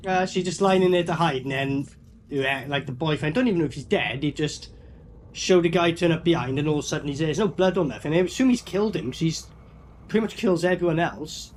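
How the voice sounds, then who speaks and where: A man's voice: fairly high pitch, fast talker, a little hiss or hum. A man giving a casual, sweary running commentary as he reviews a film. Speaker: movie reviewer.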